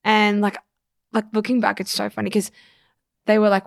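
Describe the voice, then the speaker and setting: A young woman, co-hosting a casual podcast chat and telling a long story with quick, laughing energy. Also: mid-range voice, fairly even intonation, gravelly, no room sound, clean studio sound. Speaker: podcast co-host.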